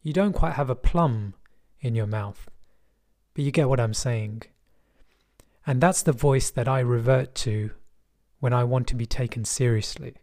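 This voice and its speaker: A middle-aged man with a soft West London accent tells his own story at a steady, measured pace. His voice sits in an ordinary middle pitch, and his delivery is thoughtful, reflective and quietly wry. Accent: West London English. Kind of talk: personal storytelling.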